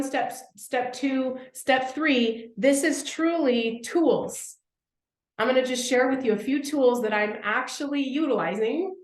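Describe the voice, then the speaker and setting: Eager, emphatic woman speaker in an echoey room. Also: high voice. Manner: eager, emphatic, repeats phrases for effect. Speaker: workshop speaker. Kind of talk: live workshop talk to a group.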